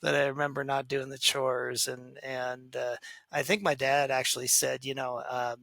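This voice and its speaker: This man, a parenting expert being interviewed for a podcast, speaks at a normal pace with a medium-pitched, creaky voice and no echo. He spins stories energetically, performs the quoted voices, and laughs a lot.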